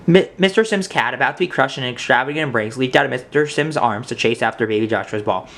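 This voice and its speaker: A man reads a children's picture book aloud, narrating with lively, expressive storytelling. He leans into the dramatic moments with rising energy, in the middle of a man's pitch range. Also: rapid-fire, few pauses.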